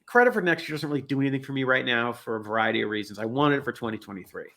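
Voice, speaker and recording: A man's voice: mid-range voice, animated, rapid-fire, gravelly, fairly bright tone. A man co-hosting a podcast, telling a story in a casual, exasperated way and acting out the people he quotes. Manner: exasperated ranting. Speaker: podcast co-host. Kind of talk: casual chat.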